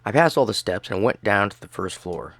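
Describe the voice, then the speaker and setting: A man narrating a horror story game in the first person, with tense, hushed storytelling. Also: lowish voice, expressive, brisk, no echo. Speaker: gamer reading a story game.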